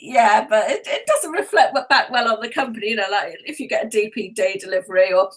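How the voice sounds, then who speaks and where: A woman's voice: medium pitch, expressive, brisk, rough recording. A woman co-hosting a casual live-stream chat, frank and gossipy with blunt opinions.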